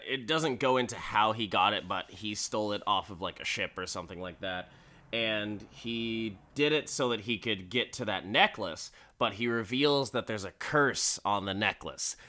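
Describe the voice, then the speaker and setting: Bright-voiced man joking through a recap. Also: medium pitch. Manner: profane, animated, jokey. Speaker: show recapper. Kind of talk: casual commentary.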